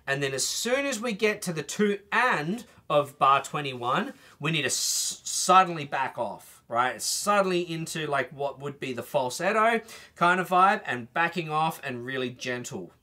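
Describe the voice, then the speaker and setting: Male music teacher, bright and slightly high voice, explanatory masterclass delivery. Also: animated, a little slow. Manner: explains phrasing, sings short phrases to demonstrate. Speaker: trumpet teacher.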